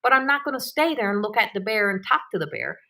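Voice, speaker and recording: An older woman hosting a live Q&A, telling a story in a lively, laughing way and acting out the voices of the people in it, with the odd swear word. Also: medium pitch, quick pace. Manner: swears freely. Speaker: host.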